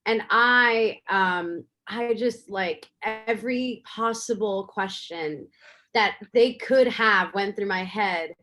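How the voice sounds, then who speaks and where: A woman's voice: mid-range voice, takes it slowly. Chatty woman filmmaker telling a story. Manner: animated, chatty with many fillers. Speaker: filmmaker guest. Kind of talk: casual interview storytelling.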